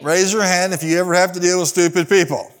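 A man's voice: high voice, fairly even intonation, fast. A pastor preaching a sermon in a church. He asks the congregation to answer back and acts out the people in his stories. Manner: preaching with call-and-response to the congregation.

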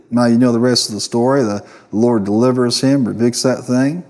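A man of mid pitch preaches a sermon with emphatic, call-and-response delivery. His voice carries a long reverb, as if heard in a large church hall. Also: steady tone, normal speed, few pauses, a little mellow. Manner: emphatic, calls for responses from the congregation.

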